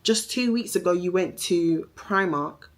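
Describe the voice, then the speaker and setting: A woman's voice: fairly low pitch, a little slow. A young woman with a Jamaican accent delivering a heated, accusing, repetitive social media rant, swearing as she goes. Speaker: vlogger.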